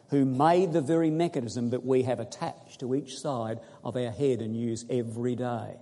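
A man preaching a sermon in a large hall, his voice mellow and a little husky. He reads scripture slowly and earnestly and stops to quiz his congregation. A long reverb hangs behind every phrase. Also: medium pitch, fairly even intonation. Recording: echoey hall recording.

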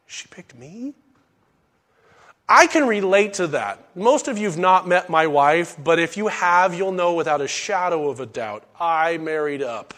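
A middle-aged man preaching a conversational Bible sermon, with folksy asides and sudden loud bursts when he acts out lines. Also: a little high, lively intonation, normal speed, hardly any pauses. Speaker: pastor teaching a Bible study.

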